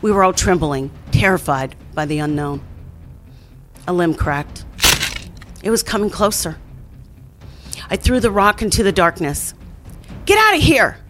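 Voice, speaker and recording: A woman's voice: lowish voice, unhurried, pauses often. Woman narrating a horror story over music. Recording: faint music underneath.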